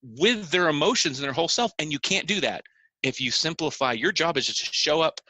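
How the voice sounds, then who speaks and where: A man's voice: a little high, animated, fairly quick, sharp tone, no room sound. A man on a podcast explaining his views earnestly, making his points through repeated phrases and everyday examples. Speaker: podcast co-host.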